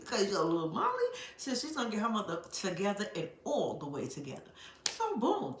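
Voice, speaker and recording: Woman, reality-TV recap vlogger: animated, profane, dramatic commentary with a bright tone, recorded in an echoey room. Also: fairly high pitch. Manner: animated, profane, dramatic storyteller who laughs often and addresses viewers as "y'all". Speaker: reality show recap host.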